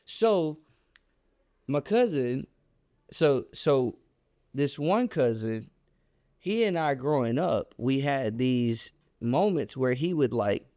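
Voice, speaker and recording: A man telling a personal story on a podcast, animated and emphatic in a casual, colloquial way. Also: slow pace, pauses often, no room sound, studio quality. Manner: animated, emphatic storyteller with a wide pitch swing; casual and colloquial, reflective when making his point.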